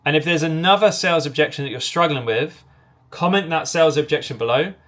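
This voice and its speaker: A man teaching sales technique in a direct, commanding way, voicing both the seller and the customer as he walks through a call. His voice sits a little higher than most men's. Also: fairly bright tone. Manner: acts out both sides of sales calls in quick back-and-forth. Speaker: sales coach. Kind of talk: instructional talk to camera.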